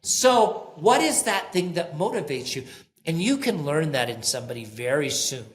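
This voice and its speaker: A man's voice: on the high side, normal speed. A man who founded a company, talking in a podcast interview and acting out the voices of people in his stories. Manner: animated storyteller, acts out quoted dialogue. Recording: roomy echo.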